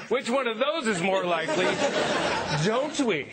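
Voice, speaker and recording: A man doing a stand-up set on TV, deadpan, jumping into silly voices for the people he quotes. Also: high voice, a little slow, over a noisy crowd, very noisy. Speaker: stand-up comedian. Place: TV studio stage. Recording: loud audience laughter, TV studio.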